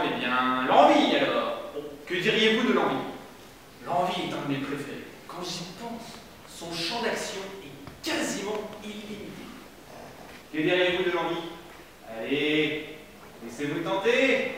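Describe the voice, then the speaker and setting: A man's voice: a little high, animated, moderate pace, pauses often, a bit bright. A man playing a dry, ironic priest. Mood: coaxing. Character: ironic, impatient middle-aged priest. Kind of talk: amateur stage play. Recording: echoey hall from far off, noisy.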